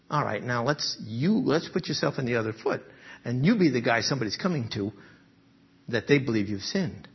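Husky, lively male preacher. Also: medium pitch, fairly quick, dull audio. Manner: conversational preaching, frequent "okay?" and "right?" asides; chuckles often while speaking. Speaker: pastor. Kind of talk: sermon.

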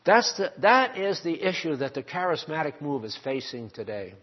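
With a husky, slightly raised voice that is fairly high-pitched, very animated, and moderately paced, an older male preacher delivers his sermon. Rhetorical questions to the congregation press his points, while the recording has a dull, lo-fi sound.

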